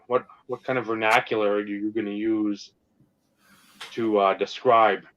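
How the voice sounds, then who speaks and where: A man co-hosting a podcast, talking casually and ranting with plenty of swearing. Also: on the low side. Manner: animated, profane ranting. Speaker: podcast co-host. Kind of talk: casual sports and hobby chat. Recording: slightly dull lo-fi sound.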